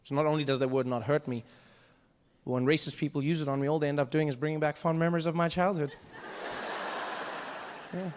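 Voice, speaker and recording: A man from South Africa doing a lively stand-up comedy set in a live venue, breaking into voices of other people. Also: on the high side, fast. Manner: animated, jumps into voices of others. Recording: echoey hall, faint background.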